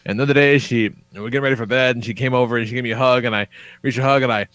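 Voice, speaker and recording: A man in his thirties, co-hosting a podcast in casual chat, telling stories in a profane, animated way. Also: mid-range voice, rapid-fire, clean tone, dry recording. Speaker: podcast co-host.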